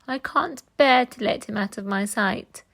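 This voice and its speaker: A motherly old housekeeper, as a woman reads her aloud, fussing and tender, with sighing, drawn-out words. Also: mid-range voice, gravelly, fairly bright tone.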